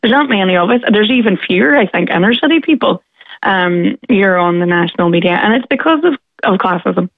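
A woman's voice: medium pitch, lively intonation, brisk, no room sound. Northern Irish woman, caller, earnest and forthright, phone-line sound. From Derry, Northern Ireland. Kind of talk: radio phone-in chat.

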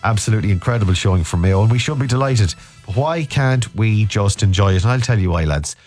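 A man's voice: lowish voice, lively intonation, quick pace, a little mellow, faint music behind. A man with an Irish accent, hosting a casual afternoon radio show while suffering a cold, slipping into mock-outraged comic rants. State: has a cold. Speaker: radio host.

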